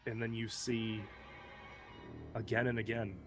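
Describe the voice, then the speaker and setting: A man as game master, narrating a dark tabletop scene in measured, descriptive storytelling. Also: on the low side, level tone, music in the background.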